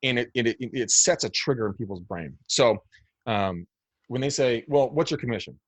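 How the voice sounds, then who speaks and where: Speaking at a normal speed with lively intonation, this American man has a medium-pitched voice recorded with no echo. He's a real estate agent appearing as a podcast guest for an interview. Expect a blunt, emphatic, snarky style in which he repeats words often.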